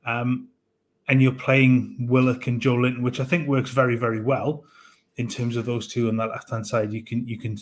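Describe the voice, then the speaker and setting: A man co-hosting a football fan show, giving measured analysis of players with frequent hesitant restarts. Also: medium pitch, little pitch movement, a little hiss or hum.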